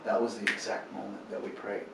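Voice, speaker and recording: A little fast and touched with vocal fry, his fairly low voice carries earnest faith stories from an interview about the homeless ministry he founded. He acts out quotes with animation, captured by a distant mic in a roomy room with faint noise.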